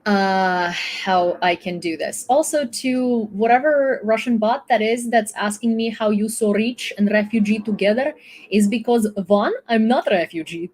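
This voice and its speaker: A young Ukrainian woman hosts a YouTube news channel, loosely chatting through a news recap full of fillers and restarts. Her medium-pitched voice is a little mellow and a little slow.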